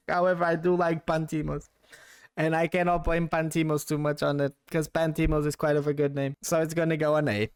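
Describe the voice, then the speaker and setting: A young man with a fairly high voice talks through a ranking video in a loose, playful way. He giggles, breaks into squeals of laughter and swears offhandedly, and he keeps the tone light and teasing. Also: level tone, a little fast, clear, resonant tone. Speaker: YouTuber ranking names. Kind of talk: casual commentary.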